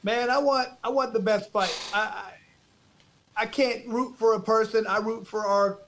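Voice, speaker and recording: A man on a podcast telling a story in an animated way. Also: high voice, moderate pace, slight background noise. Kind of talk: casual podcast chat.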